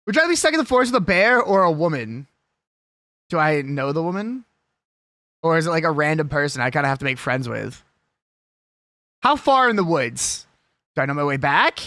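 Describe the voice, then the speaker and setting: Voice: medium pitch, sing-song, a little fast, pauses often, bright, forceful tone, no room sound. A live streamer chatting casually with their audience, ranting and swearing in a jokey, argumentative way. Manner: rambling, jokey.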